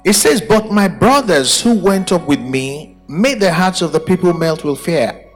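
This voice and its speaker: A man's voice: sits high, lively intonation, a little slow, soft background music. A man preaching a sermon at a church service, emphatic and full of rhetorical questions. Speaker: pastor.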